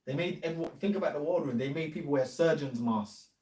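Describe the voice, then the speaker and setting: A man's voice: on the high side, fast, darkish tone, distant mic. A man in a rambling casual chat, full of slang and often calling others "man". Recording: echoey room, off mic.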